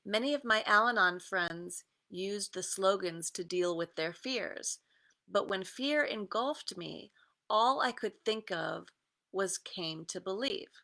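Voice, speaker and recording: A woman creativity coach talks slowly and easily through a guided meditation, stopping often with fillers. Her voice is bright but has a gravelly edge. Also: medium pitch. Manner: easygoing, with many pauses and fillers, and laughs. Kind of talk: casual guided meditation talk with readings.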